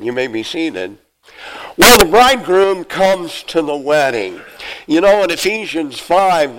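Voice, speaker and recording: A man's voice: on the high side, rough recording. A middle-aged man preaching a sermon as pastor, earnest and asking the congregation questions.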